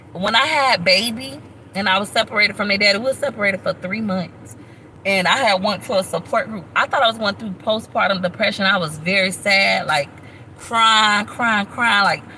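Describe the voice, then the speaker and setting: A bright, sharp-toned woman talks casually to her live-stream viewers, calling out thanks and telling her story. Her voice has a forward edge, and a faint background noise sits under it. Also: medium pitch, poor audio. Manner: chatty, shouts out thanks to viewers. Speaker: YouTube vlogger on a live stream.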